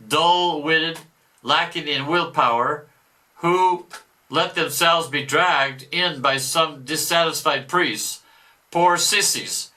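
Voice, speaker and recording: A man's voice: a little high, pushed and bright, voice pushed up, heavily acted, poor audio. A man reading aloud the words of a spiteful, boastful devil, declaiming with mocking scorn. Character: spiteful boastful male devil, gloating and raging.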